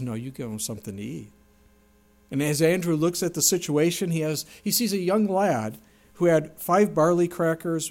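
A man's voice: fairly high pitch, darkish tone. Earnest preaching pastor, a man. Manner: earnest preaching, rising for emphasis. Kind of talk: sermon.

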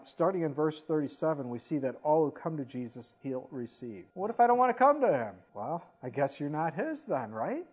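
A man's voice: medium pitch, mellow, husky, dull audio. A man preaching a sermon as a pastor, reading scripture aloud and then explaining it in casual, conversational asides.

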